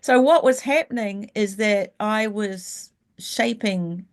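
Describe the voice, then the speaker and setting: A middle-aged woman, telling her story frankly and reflectively as an interview guest. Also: medium pitch. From New Zealand. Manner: frank and reflective, slows down when thinking back. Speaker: guest, leadership coach. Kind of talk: candid storytelling in a casual interview.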